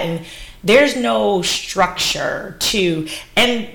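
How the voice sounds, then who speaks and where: Woman, low gravelly voice, podcast guest, animated storyteller, laughing, exclamatory. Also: moderate pace. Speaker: wine educator and business owner. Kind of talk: casual podcast interview.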